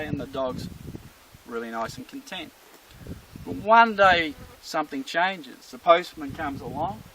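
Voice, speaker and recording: A man, a dog trainer explaining a behaviour problem through an animated story. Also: fairly high pitch, distant mic, a little hiss or hum, poor audio.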